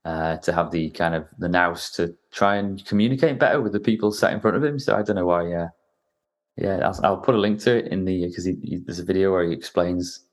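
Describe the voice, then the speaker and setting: This man has a very low, deep voice and hosts a chatty podcast from a simple mic. He grew up in Newcastle, England, and rambles through his stories with plenty of ums and false starts, circling back to pick up his point. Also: brisk. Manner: rambling, with many restarts and fillers. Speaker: podcast host. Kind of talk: casual conversation.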